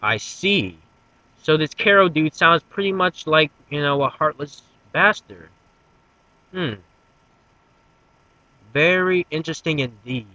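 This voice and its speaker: A man's voice: on the high side, animated, takes it slowly, pauses often, bright, forceful tone, no room sound, lo-fi sound, full character voice. A man voicing a sleepy, laid-back young slacker who questions in a drawling, mock-formal way.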